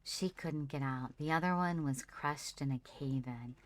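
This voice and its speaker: Here a livestreamer with a deep voice keeps a measured pace as she plays a survival game. Her commentary is casual, mixing chat with her viewers and affectionate words for her character.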